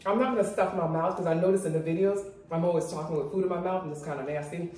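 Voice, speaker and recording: Excitable jamaican lady cooking at home, chatting to the camera, lots of room echo, mic kinda far. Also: lowish voice, fast talker, few pauses, slight background noise. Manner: chatty, excitable, talks to viewers. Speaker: cooking channel host. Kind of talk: casual cooking vlog. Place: home kitchen.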